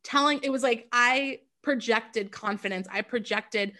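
A woman's voice: fairly high pitch, unhurried, few pauses, pushed and bright. A young woman, a podcast guest, talking openly and earnestly in a candid interview, with lots of "like". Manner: earnest and open, fills with "like".

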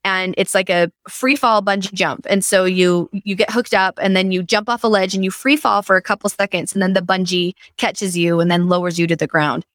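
A woman's voice: mid-range voice, fairly quick, hardly any pauses, dry recording. Earnest woman host, dry close sound. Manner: earnest, animated storyteller. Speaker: podcast host. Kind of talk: casual interview storytelling.

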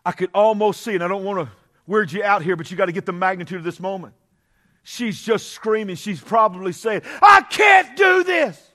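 A middle-aged male pastor preaching, swinging from conversational asides to shouted, drawn-out climaxes. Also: high voice, fairly even intonation. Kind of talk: Pentecostal-style preaching. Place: church sanctuary.

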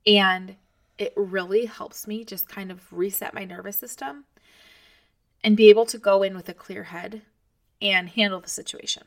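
A woman's voice: medium pitch, steady tone, normal speed. A woman in her thirties hosting a podcast, talking casually and encouragingly to other moms. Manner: chatty and encouraging, talks straight to the listener. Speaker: podcast host. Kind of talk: casual motivational talk to moms.

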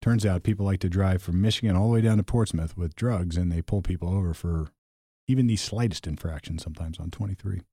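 Man, low mellow voice, easygoing storyteller, dry close mic. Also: fast, breathy edge, no room sound. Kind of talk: casual chat.

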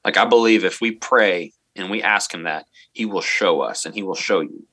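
A fairly low-pitched man with a bright, forceful tone tells a story from his teaching work as an interview guest. He speaks earnestly and keeps quoting himself and others along the way. The recording is dry and close. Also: moderate pace, no echo. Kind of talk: personal story in a podcast interview.

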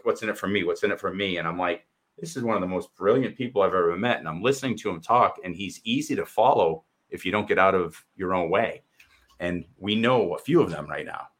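Man, very deep voice, blunt, impassioned, swears freely, co-host on a talk stream. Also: a bit bright. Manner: blunt and impassioned, swears freely, mimics others in quoted asides. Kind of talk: heated casual discussion.

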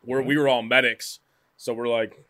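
A man's voice: medium pitch, little pitch movement, normal speed, a bit bright. An American man in casual chat, telling travel stories and swearing freely. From United States.

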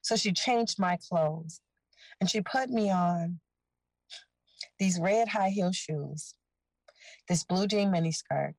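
A woman with a lowish voice tells her own story to an interviewer, earnest and unhurried. The sound is dry and close, with no room around her. She speaks plainly and openly as she recounts each step. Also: dry recording, rough recording. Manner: earnest, animated retelling, voicing others in dialogue. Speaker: guest.

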